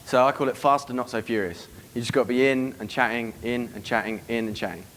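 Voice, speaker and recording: A man giving a seminar to a live room, brisk and profane, acting out club scenes as he goes. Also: medium pitch, fairly even intonation, fairly bright tone, a little hiss or hum. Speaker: dating coach giving a seminar. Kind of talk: live seminar talk to an audience.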